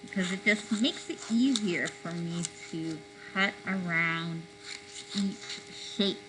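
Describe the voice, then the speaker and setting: Gentle woman teaching kids a craft. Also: lowish voice, takes it slowly. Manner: gentle, careful, safety-minded explaining. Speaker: children's craft instructor. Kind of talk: step-by-step craft instruction for kids. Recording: faint mains hum.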